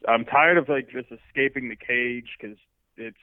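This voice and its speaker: A man's voice: mid-range voice, moderate pace, smooth, no room sound. A man calling into a show, rambling and searching for words as he chats casually. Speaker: caller. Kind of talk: casual phone chat. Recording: tinny phone line.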